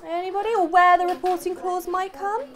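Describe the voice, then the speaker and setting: A woman teaching a primary school class in a classroom, brisk and full of praise. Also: extremely high pitch, flat delivery.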